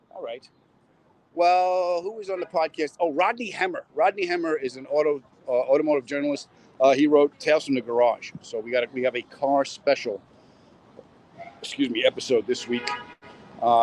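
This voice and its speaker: This live-streaming comedian, a middle-aged man, chats casually into his phone while walking outdoors in the city, cracking jokes and reading viewer comments. His voice sits on the high side, and the rough recording carries slight background noise.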